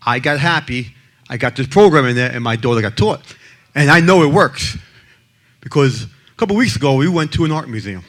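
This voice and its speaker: A man with a mid-range, slightly bright voice talks bluntly to an audience about child abuse prevention. Brash in manner, he tells joking stories and imitates the people who appear in them.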